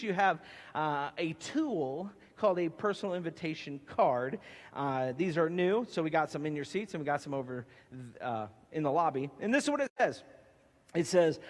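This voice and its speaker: High-voiced pastor preaching in a reverberant hall. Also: male voice. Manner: emphatic, animated preaching with playful asides. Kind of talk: sermon. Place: church sanctuary.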